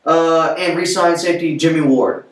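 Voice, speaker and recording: A man's voice: a little high, moderate pace. A man giving blunt, offhand, opinionated football commentary in a vlog. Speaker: sports vlogger. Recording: roomy echo, distant from mic.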